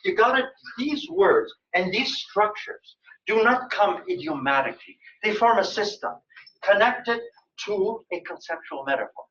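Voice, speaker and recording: An older man lectures in a room, telling anecdotes with a joking, chatty ease. His voice sits a little high and rings bright. The recording is dull and lo-fi. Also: lively intonation, measured pace. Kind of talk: colloquium lecture.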